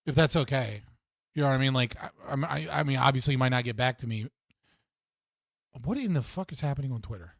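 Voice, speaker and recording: A man's voice: medium pitch, fast talker, creaky, a bit bright, no room sound, studio quality. A young man hosting a casual livestream, rambling and swearing, often restarting sentences and laughing. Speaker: livestream host.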